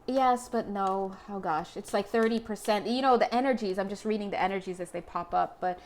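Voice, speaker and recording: A woman's voice: medium pitch, fairly quick. Chatty laughing woman reading tarot. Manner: chatty, laughs often, jokes with viewers. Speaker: tarot reader. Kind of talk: casual tarot reading to camera.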